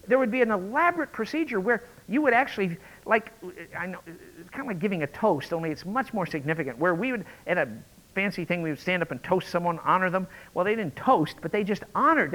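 A man preaching a conversational, animated sermon, acting out quotes as he goes. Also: high voice, low-quality recording. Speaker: pastor.

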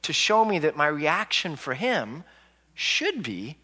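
40s guy giving a lecture, bright voice, lively storyteller, big hall reverb. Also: on the high side, slow, breathy edge. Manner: animated storytelling, acting out quoted reactions. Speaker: public speaker and author. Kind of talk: lecture to a live audience.

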